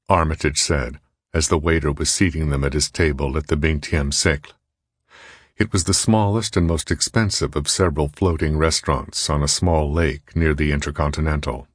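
Man, very low voice, dry close recording, measured audiobook narration. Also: no room sound. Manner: even, measured reading. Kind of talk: scripted narration.

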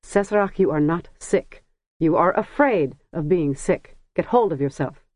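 A woman's voice: lowish voice, expressive, a little mellow, dry recording. A narrator voicing a blunt, bossy older mother who scolds in a dry, close recording. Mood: scolding. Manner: brisk, scolding.

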